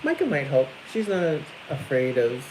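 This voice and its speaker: A man's voice: medium pitch, sing-song, moderate pace, noisy background. A young man with a Midwestern American accent, co-hosting a farm livestream in casual, rambling chat. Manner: rambling, lots of likes and restarts.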